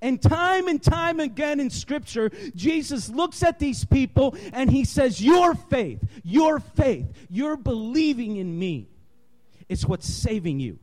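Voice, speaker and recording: Male preacher, sermon delivery, very high voice, swooping animated intonation, impassioned. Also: measured pace. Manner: impassioned, emphatic, building to shouts.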